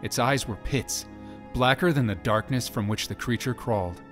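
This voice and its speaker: A man's voice: mid-range voice, moderate pace, a bit bright, faint music behind. A man giving a dramatic scripted narration of an audiobook. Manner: dramatic storytelling.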